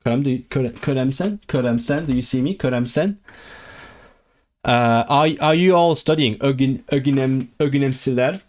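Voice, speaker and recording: A man streaming himself as he studies a language, drilling phrases aloud in a halting, repetitive self-talk. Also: mid-range voice, darkish tone. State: sore throat. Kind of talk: casual livestream study session.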